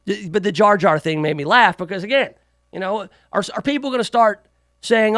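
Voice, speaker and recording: Sarcastic talk radio host, high voice. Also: male voice, lively intonation, a little fast, a bit bright, no room sound, clean studio sound. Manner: sarcastic, mocking. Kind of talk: political talk radio commentary.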